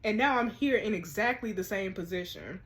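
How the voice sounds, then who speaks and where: A woman voicing a heartbroken young mother torn over her marriage, reading game dialogue aloud in a soft, low, subdued way. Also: normal speed, close to an everyday voice.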